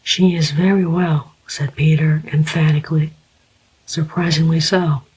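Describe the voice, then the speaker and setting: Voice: medium pitch, steady tone, unhurried, darkish tone, breathy edge, rough recording. A narrator whispering the part of a firm, principled older man who is a father, as whispered role-play. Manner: firm, emphatic.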